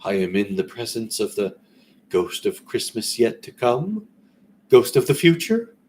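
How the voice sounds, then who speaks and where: A man's voice: mid-range voice, very animated, unhurried, darkish tone, slight background noise. Fearful old miser, as a man reads him aloud. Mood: fearful, pleading. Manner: earnest, fearful, imploring. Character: old miser pleading with a silent ghost.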